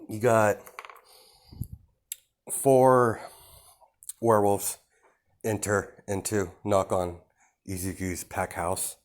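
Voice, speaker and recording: A man casually telling a made-up fan story, rambling with many fillers. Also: lowish voice. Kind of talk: casual improvised narration.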